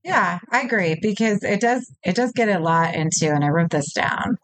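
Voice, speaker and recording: A woman co-hosting a podcast, chatty and halting, with many fillers. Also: medium pitch, expressive, no room sound, rough recording. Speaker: podcast co-host. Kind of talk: casual podcast chat. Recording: dry close mic.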